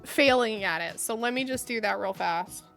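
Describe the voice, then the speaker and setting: Woman streamer, upper-pitched, casual self-mocking chat over faint background music. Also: normal speed, vocal fry, fairly bright tone. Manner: chatty, giggly, self-deprecating. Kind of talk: casual livestream chat while gaming.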